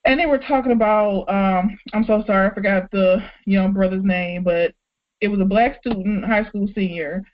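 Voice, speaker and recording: A woman co-hosting a podcast in casual chat, outspoken and animated, laughing often. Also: mid-range voice, normal speed, muffled recording. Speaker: podcast co-host.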